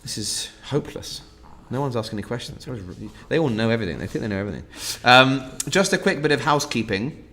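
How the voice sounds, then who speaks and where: A man's voice: mid-range voice, animated, fast talker, hardly any pauses, pushed and bright. Chatty man hosting a wine tasting. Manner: chatty, self-mocking, laughs often. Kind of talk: casual online tasting chat.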